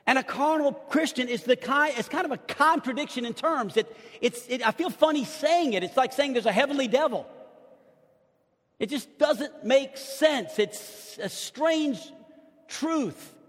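A middle-aged man preaching a sermon as pastor, impassioned, swinging between loud outbursts and hushed asides, with stammered restarts. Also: very high-pitched, animated, measured pace. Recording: long hall reverb.

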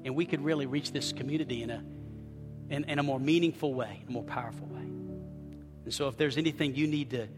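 Preaching pastor in an echoing hall. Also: male voice, medium pitch, fast, music in the background. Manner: swings from quiet confession to shouted scripture. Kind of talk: sermon.

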